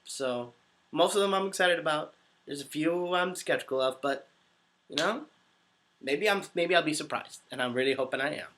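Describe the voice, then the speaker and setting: A man in his twenties chatting casually on a livestream, answering viewer comments in an upbeat, easily excited way. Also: on the high side, moderate pace. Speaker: voice actor hosting a livestream.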